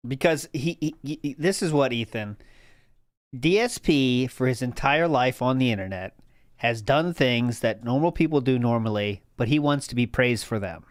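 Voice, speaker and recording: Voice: mid-range voice, animated, normal speed, dry recording, studio quality. A co-host making sarcastic, mocking remarks in casual chat.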